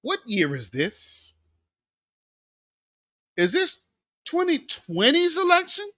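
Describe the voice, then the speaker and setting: A male host giving a slangy, sarcastic political commentary monologue, emphatic and animated. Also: very high voice, takes it slowly, dry recording, clean studio sound.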